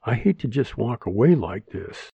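Man reading as a calm, practical woman. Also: medium pitch, normal speed, gravelly, breathy edge, no room sound, dull audio, exaggerated voice.

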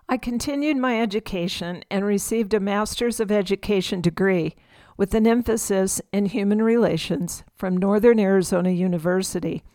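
A middle-aged woman reading her memoir aloud in a measured, reflective storytelling manner. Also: medium pitch, a little mellow, no echo. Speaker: memoir narrator.

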